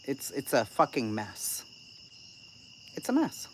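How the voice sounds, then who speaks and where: Casual streamer-host, lively sing-song delivery, swears freely, sarcastic edge, faint crickets in the background. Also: medium pitch, takes it slowly, a little hiss or hum. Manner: blunt, profane, sarcastic. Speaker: channel host reading live chat. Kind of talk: casual live-stream commentary.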